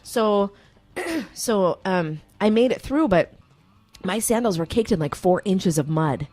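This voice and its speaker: A woman co-hosting a radio show, telling a lively story in casual chat and acting out the quotes. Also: mid-range voice, slow, no room sound. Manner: animated storyteller, acts out quotes.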